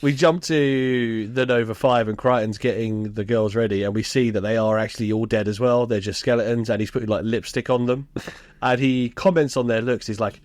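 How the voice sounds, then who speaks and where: A man's voice: medium pitch, steady tone, moderate pace, a little mellow, no echo, clean studio sound. A man co-hosting a podcast, casually recapping a sitcom, laughing and swearing as he retells scenes. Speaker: podcast co-host.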